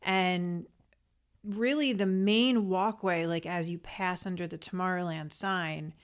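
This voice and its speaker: A woman co-hosting a relaxed podcast conversation. She is eager and rambling, piling up little fillers and restarts, and her voice sits a touch low for a woman. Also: slow pace, clear, resonant tone. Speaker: podcast co-host. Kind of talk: casual chat.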